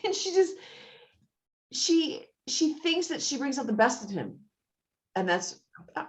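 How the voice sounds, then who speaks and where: A woman co-hosting a casual chat about a TV show, telling the story with lots of laughs and jumping high when she quotes characters. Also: very animated, measured pace, long pauses. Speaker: podcast co-host.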